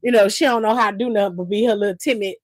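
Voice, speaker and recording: A woman's voice: medium pitch, rapid-fire, dry recording, low-quality recording. A woman hosting a casual wrestling aftershow stream, recapping matches in a sassy, profane way and laughing often.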